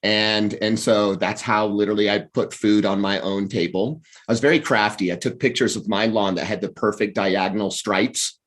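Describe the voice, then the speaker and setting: A middle-aged American man, a coach and author, telling his life story as a guest in a casual interview, with animated pacing and frequent restarts. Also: lowish voice, moderate pace, hardly any pauses. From United States.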